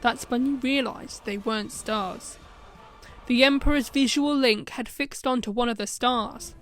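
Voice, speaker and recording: A woman narrating a fan short story in a brisk storytelling manner. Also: a little high, soft background music.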